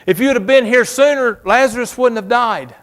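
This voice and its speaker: A man's voice: very high-pitched, normal speed, a bit bright, voice pushed up. A male pastor voicing a grieving, reproachful sister, his voice raised and pleading.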